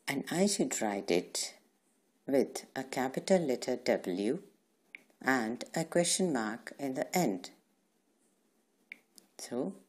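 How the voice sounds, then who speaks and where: A woman's voice: extremely low pitch, a little mellow, husky. A woman teacher, giving a patient grammar lesson to young children and answering her own questions. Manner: patient, asks questions and answers them herself.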